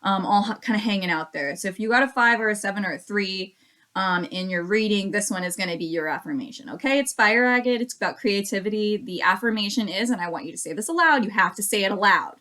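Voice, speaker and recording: A woman's voice: mid-range voice, lively intonation, bright, forceful tone. Chatty woman giving a card reading. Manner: chatty, repeats affirmations slowly. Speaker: card reader. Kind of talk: casual oracle card reading for viewers.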